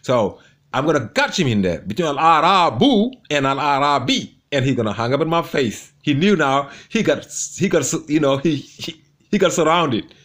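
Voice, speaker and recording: A man's voice: on the high side, lively intonation, normal speed, fairly bright tone. A man commenting on a debate, gloating and mocking his opponent with much repetition. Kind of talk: commentary over debate clips.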